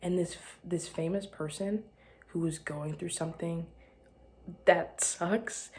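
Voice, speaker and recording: On her solo podcast, a tired young woman from Arkansas rambles casually in a light Southern lilt, often sinking to a whisper. Her voice is lowish, slow and a little mellow, with fairly even intonation.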